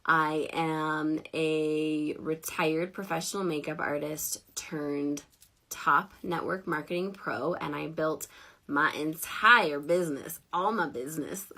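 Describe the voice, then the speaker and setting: A woman in her thirties hosting a casual livestream, chatty and giggly, self-deprecating, sounding tired and low on energy. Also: steady tone, slow pace, sharp tone. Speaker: network marketing livestream host.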